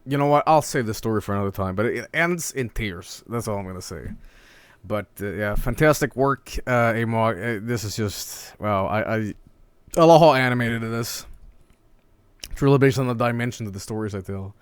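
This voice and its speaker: A young adult man telling an animated, profane story, laughing often and acting out quotes in high voices. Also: moderate pace, clear, resonant tone, no room sound. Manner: profane and excitable. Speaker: streamer reacting to an animation.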